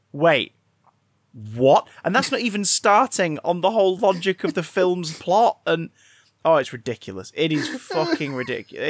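A man co-hosting a casual podcast, his voice sitting a little higher than most men's. He talks in an animated, swearing, enthusiastic way, climbing into loud excited outbursts. The sound is dry and close, with no room echo. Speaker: podcast co-host.

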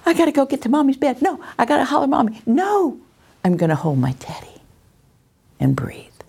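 A woman voicing a frightened small child calling out for mommy at night, in a high, breathless, childlike voice. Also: huge pitch swings, brisk, creaky, darkish tone, heavily acted.

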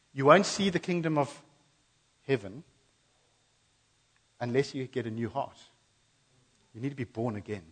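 A man with a medium-pitched, slightly rough voice delivers an animated church sermon, voicing the people he quotes as if performing them.

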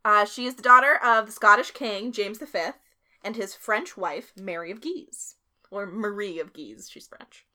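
Bright-voiced woman telling history casually. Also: medium pitch, normal speed. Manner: laughs often, swears, uses filler like. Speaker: podcast co-host telling a history story. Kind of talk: casual chat, storytelling.

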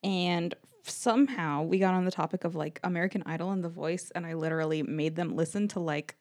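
A woman's voice: fairly low pitch, a little fast, darkish tone. A woman co-hosting a casual podcast chat, rambling through stories with her friends. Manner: chatty, rambling storyteller. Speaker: podcast co-host.

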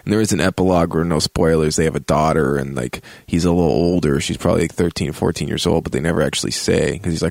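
A man with a very deep, gravelly voice rambles through a profane, joking game review. He speaks close to the mic in a dry, dead room. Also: fast talker, few pauses, dry recording. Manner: profane, joking, acts out reactions in a high yelp. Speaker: game reviewer, show host.

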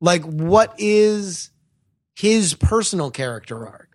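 A man co-hosting a casual movie review chat, halting, with lots of fillers. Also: high voice, sing-song. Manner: halting, lots of "like", acts out quotes. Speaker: podcast co-host.

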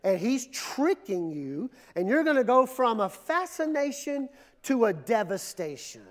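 Male pastor, very high voice, emphatic repetitive sermon delivery. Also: sing-song, unhurried. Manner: emphatic, repetitive preaching with dramatic drops and surges.

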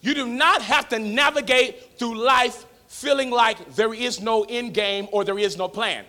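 A man preaching a sermon as pastor, swinging between shouted, sung-out lines and quiet, close talk, with a Black lilt. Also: extremely high pitch, a little slow.

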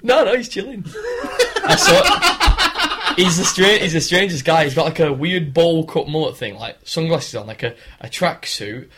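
A man's voice: a little high, very animated, a little slow, heavy background noise. A young man telling stories in casual chat, swearing and laughing a lot.

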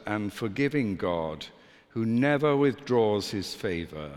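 A male priest delivers a sermon in a low voice, taking his time over every phrase and pausing for effect. His words ring out through a church with a long, lingering reverb. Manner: measured, deliberate delivery with dramatic pauses.

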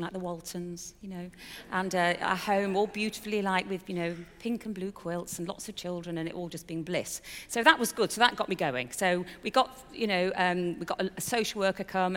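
A woman's voice: on the low side, fairly bright tone, big-room sound. A middle-aged woman giving a personal testimony in a candid, chatty storytelling way with fillers and a touch of self-mockery. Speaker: speaker sharing a personal testimony.

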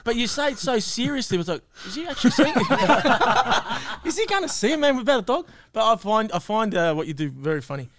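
A man's voice: extremely high pitch, big pitch swings, fairly quick, a bit bright, slight background noise. A man, chatting casually on a podcast, laughing easily and joking about himself. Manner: laughs easily, playful and self-mocking. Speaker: comedy group member, podcast guest.

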